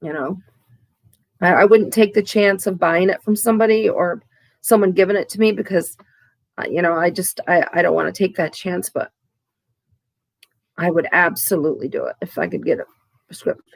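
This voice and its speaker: Halting, gravelly-voiced woman vlogger. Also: on the low side, no echo. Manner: halting, with many restarts. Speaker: vlogger sharing her addiction recovery. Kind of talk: candid, emotional to-camera talk.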